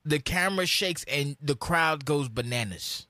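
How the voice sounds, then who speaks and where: A man in his late thirties from New York, co-hosting a podcast in casual chat with animated storytelling. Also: on the high side, a little slow, no room sound, clean studio sound. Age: late 30s. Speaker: podcast co-host.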